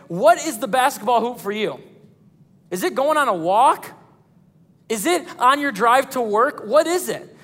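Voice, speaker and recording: A man's voice: very high voice, fairly bright tone, in a large hall. A young man preaching as a pastor, telling stories in a casual, conversational way with playful asides. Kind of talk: sermon. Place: church hall.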